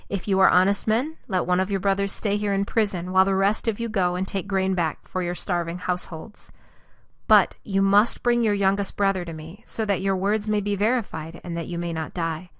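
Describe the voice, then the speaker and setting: A woman reading scripture aloud in a steady, measured way, giving quoted speech only a slight lift. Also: medium pitch, clean tone, no room sound. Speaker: scripture reader.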